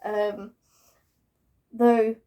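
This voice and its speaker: A woman with a somewhat high voice rants to her camera in a loose, chatty way. She swears freely, giggles, pokes fun at herself and piles up repeated words for emphasis. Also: little pitch movement, extremely slow, mellow, smooth. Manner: giggly and self-mocking. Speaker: vlogger. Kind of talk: casual rant to camera.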